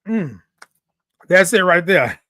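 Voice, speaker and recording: A man's voice: high-pitched, lively intonation, slow, sharp tone, no room sound, clean studio sound. A man hosting a morning livestream, playfully reading viewer comments aloud. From Texas. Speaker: livestream host. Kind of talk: casual livestream chat.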